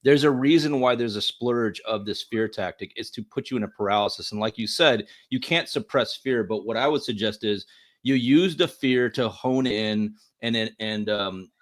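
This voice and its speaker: A man's voice: mid-range voice, normal speed. A man co-hosting a podcast, talking earnestly and emphatically in a casual political discussion, often repeating words as he thinks. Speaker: podcast co-host.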